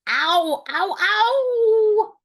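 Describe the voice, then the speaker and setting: A woman voicing a sly male wolf with a deep, scratchy, slow and menacing voice. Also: lively intonation, pushed and bright, breathy edge, heavily acted. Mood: pained howl. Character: sly growling male big bad wolf.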